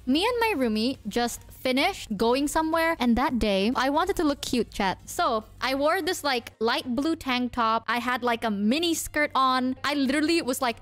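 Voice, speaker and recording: A young woman telling a story to her stream chat in a casual, animated way, swearing freely. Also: high-pitched, moderate pace, hardly any pauses. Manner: animated, swearing, mixes in Indonesian words. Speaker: VTuber streamer.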